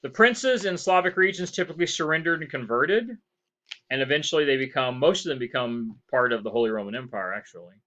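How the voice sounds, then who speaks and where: A man's voice: mid-range voice, lively intonation, a little fast, pushed and bright, lo-fi sound. A man giving a history lecture as professor, rambling, correcting himself and asking rhetorical questions. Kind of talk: recorded lecture.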